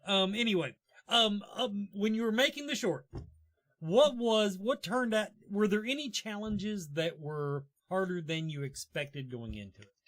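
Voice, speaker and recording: A man's voice: high voice, expressive, unhurried, a bit bright. A man hosting an interview show, asking long rambling questions that keep restarting. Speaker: talk show host. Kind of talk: casual interview.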